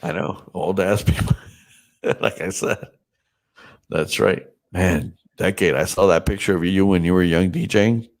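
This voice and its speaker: A man's voice: sits low, steady tone, a little slow, vocal fry. A man hosting a casual podcast chat, teasing and swearing freely, with a stuffed-up nose. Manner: profane, joking, teasing. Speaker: podcast host and DJ.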